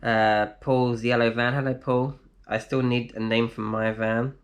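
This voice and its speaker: Casual male streamer, mid-pitched, easygoing, reads and replies to chat. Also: flat delivery, a little slow. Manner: chatty, reads out comments and replies, laughs easily. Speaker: vlogger answering live chat. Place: indoors in a flat.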